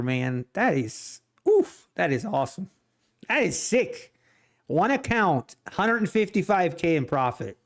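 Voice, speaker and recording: A man hosting a day-trading livestream, chatting casually with his viewers, laughing often as he tells stories and comments on the market. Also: on the high side. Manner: chatty, laughs often, addresses chat directly.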